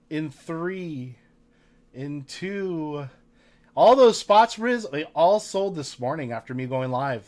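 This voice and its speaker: Chatty man hosting a livestream. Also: a little high. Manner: chatty, reads viewer names aloud, frequent laughs. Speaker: card break livestream host. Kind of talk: casual livestream chat.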